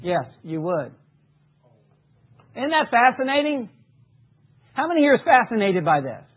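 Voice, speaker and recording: A man preaching a sermon, reading scripture emphatically and dropping low for asides. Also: very animated, measured pace, husky. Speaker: pastor. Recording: tinny phone-like recording.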